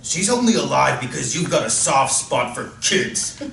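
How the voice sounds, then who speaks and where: A man's voice: mid-range voice, big pitch swings, moderate pace, creaky, fairly bright tone, full character voice. A man playing a surly, complaining male alien crewman who sulks and protests orders. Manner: whiny, complaining, sulky. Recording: echoey room, mic far off, faint hiss.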